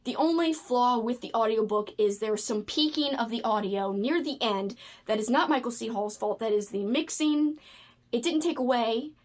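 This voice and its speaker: A woman from the United States chatting casually about books, animated and gushing, with frequent fillers. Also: on the high side, moderate pace. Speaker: book video creator. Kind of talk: casual chat.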